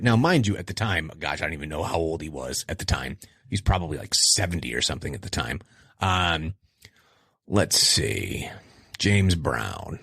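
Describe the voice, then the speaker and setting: A man's voice: moderate pace, breathy edge, dry recording, clean studio sound. A middle-aged man hosting a podcast, chatting casually with self-deprecating asides. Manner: animated, self-deprecating, jumps in pitch for emphasis. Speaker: podcast host. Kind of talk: casual solo podcast talk.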